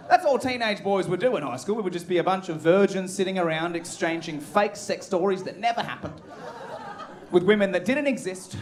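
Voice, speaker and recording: An Australian man in his thirties doing crude, punchy stand-up as the show host, talking straight to a live crowd. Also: high voice. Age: 30s. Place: comedy club stage with laughing audience.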